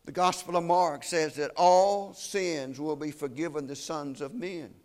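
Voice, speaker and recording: Male preacher, slightly higher voice, solemn and emphatic, slows for weighty lines. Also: steady tone, darkish tone. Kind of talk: sermon.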